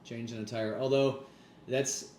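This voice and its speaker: A man's voice: mid-range voice, fairly even intonation, unhurried, a little mellow. A man hosting a casual chat, dropping short, upbeat interjections and quips. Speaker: podcast host. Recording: echoey room with faint hum.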